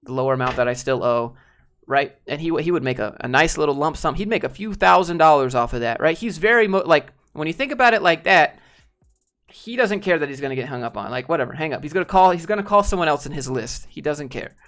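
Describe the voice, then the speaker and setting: A man streaming live addresses his viewers casually and without a filter, rambling with filler words and the odd swear. His pitch is fairly high, and he talks fast and expressively with a fairly bright tone.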